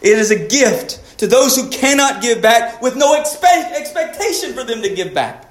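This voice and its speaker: A man, a pastor, preaching a sermon, rising to emphatic peaks and dropping quiet again. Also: very high-pitched, sing-song, normal speed, roomy sound.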